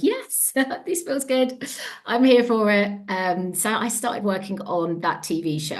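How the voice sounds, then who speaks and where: Chatty Devon woman with a lowish voice. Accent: Devon English. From England. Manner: animated and chatty, restarts sentences, laughs often. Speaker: guest, empowerment coach. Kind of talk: casual interview storytelling.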